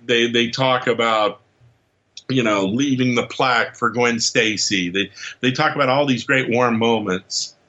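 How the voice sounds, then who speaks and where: A man guest on a podcast, telling stories in an animated, casual way, acting out quotes and laughing often. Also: medium pitch, unhurried, highs cut off. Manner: lively storyteller who acts out quotes and laughs often. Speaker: podcast guest, comics writer.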